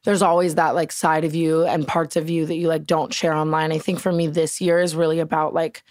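A woman's voice: low voice, little pitch movement, a little fast, darkish tone, no room sound. A young woman talking as a podcast guest, chatty, full of "like" and casual swearing, on a close mic. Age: young adult.

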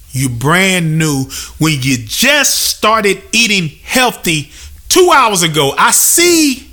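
A young man with a high, bright voice delivers a comedic venting rant on his podcast. He curses freely, stresses his points hard and slips into mimicry of customers. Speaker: podcast host.

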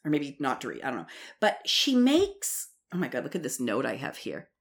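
Worked-up woman with a lively voice. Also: very deep voice, a little fast, vocal fry. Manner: heated, swears freely, acts out quotes. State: worked up from iced coffee. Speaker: podcast co-host. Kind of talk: casual reality-TV recap chat.

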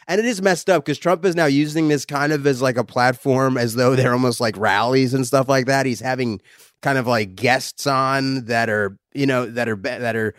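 A man's voice: mid-range voice, moderate pace, no room sound, clean studio sound. A man as a comedian guest on a podcast, laid-back and talkative, laughing often. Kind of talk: casual comedic chat.

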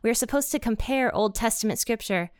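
A woman's voice: a little high, a little fast, clean tone, dry recording, studio quality. A woman hosting a faith podcast, talking in a bubbly, enthusiastic way with frequent laughter. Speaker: podcast host.

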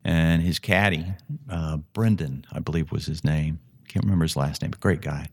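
A man's voice: rumbling low, moderate pace, a little mellow, husky. A middle-aged man, a golf analyst and podcast guest, telling stories vividly with frequent restarts. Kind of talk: conversational storytelling.

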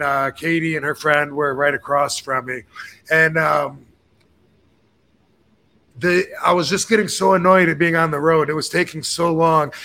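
A man in his fifties, hosting a podcast, telling a rambling story in casual chat and acting out the voices and curses of the people in it. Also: on the high side. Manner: animated, acts out quoted dialogue with cursing. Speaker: podcast host.

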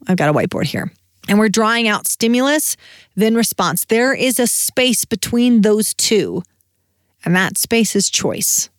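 A woman's voice: on the high side, no echo, studio quality. A woman in her thirties hosting a solo podcast, talking in a candid, encouraging, conversational way. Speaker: podcast host.

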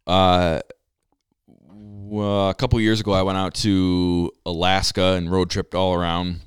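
A man's voice: low-pitched, flat delivery, a little slow, clear, resonant tone, no echo, studio quality. A man co-hosting a podcast in easygoing casual chat, laughing as he talks. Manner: easygoing, laughs while talking. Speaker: podcast co-host.

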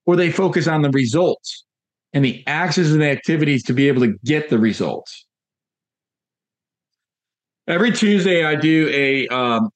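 A man's voice: a little high, no room sound. A man coaching real estate agents in a casual motivational talk, telling stories with lots of fillers and repeated phrases. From Northern Virginia, USA.

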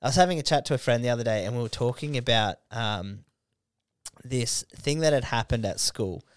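A young man hosting a podcast, relaxed and chatty, laughing along with his guest. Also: mid-range voice, brisk, clear, resonant tone, no room sound. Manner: laid-back, laughing along. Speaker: podcast host. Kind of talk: casual podcast chat.

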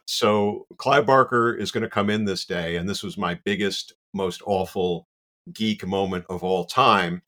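A man with a deep, low voice tells a story in a casual, animated way. He pokes fun at himself and fills his sentences with "you know." He comes across as a chatty guest. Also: measured pace. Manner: animated, self-deprecating, many "you know" asides.

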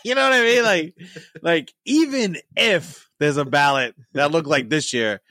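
A man's voice: fairly high pitch, measured pace, no room sound, studio quality. A man co-hosting a casual sports talk show, joking and arguing with loose, profane banter. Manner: animated, swearing, jokey, argumentative. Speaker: podcast co-host.

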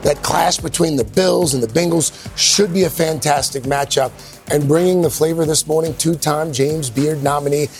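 A man from South Carolina co-hosting a cooking segment on a morning show, easygoing and quick to agree. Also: a little high, vocal fry, a little mellow. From South Carolina, USA.

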